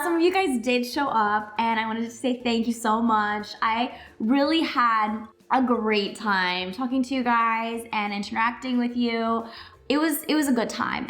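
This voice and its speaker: Young woman, higher voice, chatty and animated vlog talk, roomy echo, faint music behind. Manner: chatty and animated, lots of fillers. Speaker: YouTuber, movie reviewer. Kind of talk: casual vlog chat.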